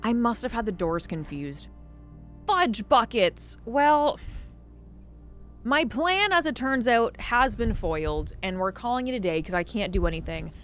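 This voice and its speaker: A young woman streaming a game live, chatting casually and dramatically with her viewers, swinging from excitement to mock sadness. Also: on the high side, normal speed. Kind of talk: casual live-stream chat while gaming. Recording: faint music behind.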